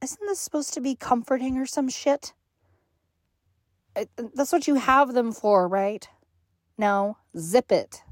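A woman voicing a cruel, contemptuous, domineering young woman in an audio role-play, with heavy sighs and hushed asides. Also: fairly high pitch, slow pace, pauses often, dry recording, studio quality. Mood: scornful.

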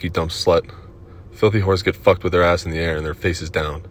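Deep-voiced commanding man, erotic role-play. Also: steady tone, fairly quick. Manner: commanding, dominant, profane; breathy moans between lines.

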